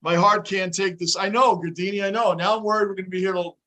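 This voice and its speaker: A New man hosts a live baseball watch-along with a fairly high voice. He talks in an animated way, and he shouts when the game swings. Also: fast talker. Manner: animated, yells with excitement at big plays. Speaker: host.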